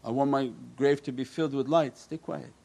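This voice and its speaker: Man, religious teacher, calm measured sermon voice, answering questions. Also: medium pitch, slight background noise. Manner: calm, repetitive, with Arabic prayer phrases.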